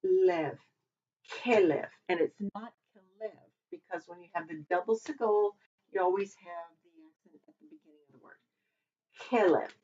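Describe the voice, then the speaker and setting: A woman's voice: lowish voice, quick pace, dark tone. A woman teaching a casual Hebrew vocabulary lesson, chatting and thinking aloud as she double-checks her work. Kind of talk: informal recorded lesson. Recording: dull lo-fi recording.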